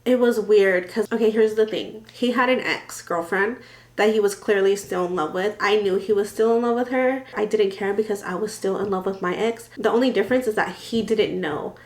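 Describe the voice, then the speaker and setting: A woman in her twenties telling a dramatic storytime vlog, animated and full of swearing. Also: mid-range voice, moderate pace. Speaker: vlogger. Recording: echoey room.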